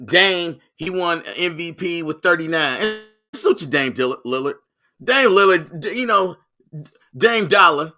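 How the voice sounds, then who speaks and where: A man's voice: sits high, pushed and bright. A man hosting his own sports vlog, talking casually and energetically in slang and often repeating himself.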